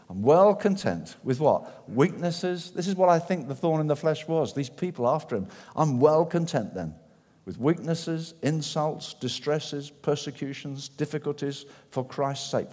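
Male preacher, animated sermon with acted-out quotes, booming into a reverberant hall. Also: normal speed. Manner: animated, acts out quoted voices, shifts from loud to hushed.

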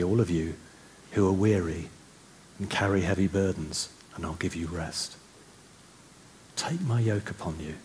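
Deep-voiced male preacher, conversational sermon delivery, faint background noise. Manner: conversational, with restarts, slowing to soft reflective passages.

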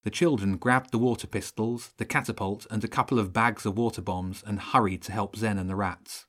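A man reading a children's audiobook in steady, measured narration. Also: on the low side.

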